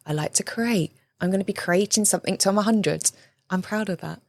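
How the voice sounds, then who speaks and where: A woman's voice: mid-range voice, a little fast, vocal fry, darkish tone, no echo. A British woman, a relationship coach, talking earnestly and reflectively as a podcast guest, often seeking agreement with "isn't it" and "right?". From United Kingdom. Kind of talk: conversational interview.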